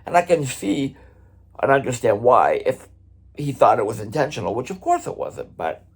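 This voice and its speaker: A man's voice: medium pitch, sing-song, normal speed, husky. A middle-aged man, a drummer, telling a story in his casual vlog, talking conversationally and swearing now and then.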